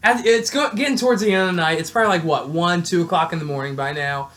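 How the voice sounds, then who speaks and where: A man's voice: fairly high pitch, fast talker, fairly bright tone. A young man co-hosting a podcast, chiming in on a story and telling his own, swearing casually. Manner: chiming in, laughing, profane. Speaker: podcast co-host.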